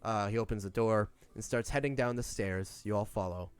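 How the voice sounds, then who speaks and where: A man's voice: lowish voice, fairly quick, clear, resonant tone, no room sound. A man narrating as game master in a casual, hesitant way with many fillers.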